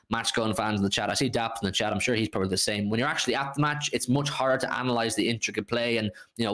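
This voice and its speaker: An Irishman hosting a livestream football chat, animated and swearing freely. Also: mid-range voice. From Ireland. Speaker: podcast host.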